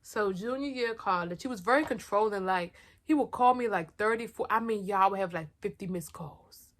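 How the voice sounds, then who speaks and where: A woman's voice: medium pitch, fairly quick. Young woman, blunt slangy storytime. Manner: candid, slangy, addresses viewers as girl; blunt and self-mocking. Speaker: vlogger. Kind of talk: storytime vlog.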